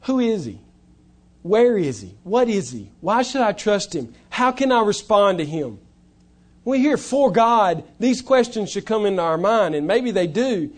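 A male pastor preaching a sermon, stressing key words loudly and then dropping to hushed, low lines. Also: big pitch swings, normal speed.

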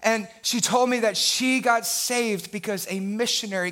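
High-voiced preaching man. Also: normal speed, pushed and bright. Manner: impassioned, builds with repeated phrases. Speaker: pastor. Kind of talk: sermon.

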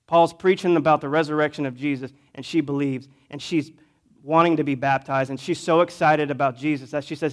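A man, a pastor, preaching a storytelling sermon in a conversational way, swinging between loud emphasis and quiet asides. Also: fairly high pitch, steady tone, brisk.

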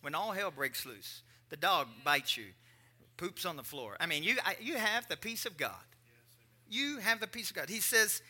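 Bright-voiced preaching man. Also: high voice, lively intonation, normal speed. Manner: emphatic preaching with joking asides. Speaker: pastor. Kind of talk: sermon.

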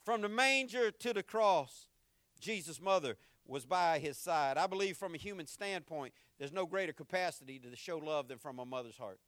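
A middle-aged man preaching a sermon as pastor, telling stories with animation and swinging from loud punchy lines to hushed tender ones. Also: on the high side, lively intonation, normal speed, no room sound.

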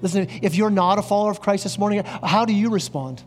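A male pastor preaching an earnest sermon, dropping lower and slower on key words. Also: faint music behind. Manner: earnest, drops low and slow on key words. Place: church.

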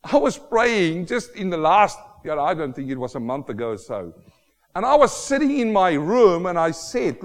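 A man's voice: fairly high pitch, very animated. Preacher man in a reverberant hall. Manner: dramatic swings from soft to loud, slows for emphasis. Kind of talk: sermon.

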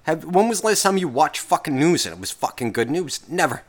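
A man's voice: a little high, very animated, fairly quick. Profane rambling male podcast host. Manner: profane, rambling, self-interrupting. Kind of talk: casual solo podcast rant.

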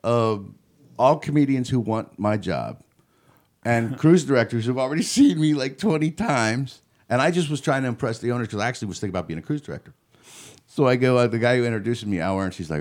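A man's voice: mid-range voice, a little fast. Guy comedian spinning stories on a podcast, voice jumps all over, laughs a lot. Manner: animated, laughing storyteller who acts out quotes. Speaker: comedian guest. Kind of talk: casual storytelling. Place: podcast studio.

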